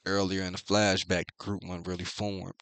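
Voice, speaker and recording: A man with a very low voice talks through a comic chapter in a loose, casual way. He reads the panels aloud and breaks off into blunt, profane reactions. The sound is close and dry. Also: moderate pace, dry recording. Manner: blunt, profane, excitable commentary. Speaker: manga reviewer.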